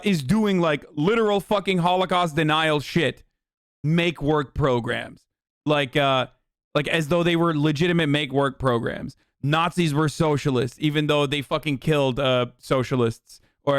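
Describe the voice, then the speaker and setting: A man's voice: on the high side, no room sound, studio quality. Sarcastic, profane young man. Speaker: streamer reacting to a radio clip. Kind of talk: casual livestream commentary.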